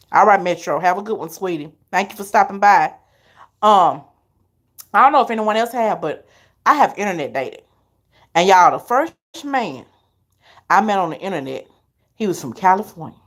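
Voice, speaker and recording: A middle-aged woman, hosting a live stream and telling her viewers stories in an animated, chatty way, laughing often. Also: mid-range voice, normal speed. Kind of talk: casual storytelling to viewers.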